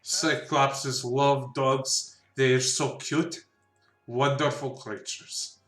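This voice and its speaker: A man's voice: medium pitch, steady tone, extremely slow, a bit bright, roomy sound, soft background music. A man narrating a tabletop game as game master, chatty, laughing easily and stumbling over names.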